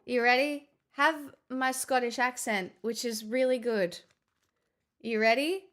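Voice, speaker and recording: High-voiced woman streamer, slow, flustered and giggly, casual chat. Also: fairly even intonation, fairly bright tone. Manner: flustered, giggly, grateful, talks in stops and restarts.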